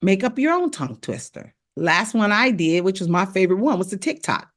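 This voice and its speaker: A woman's voice: mid-range voice, sing-song, brisk. A woman vocal coach giving a casual live lesson, encouraging viewers, repeating herself, and breaking into rap and tongue-twister drills. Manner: encouraging, repetitive, rapping drills aloud.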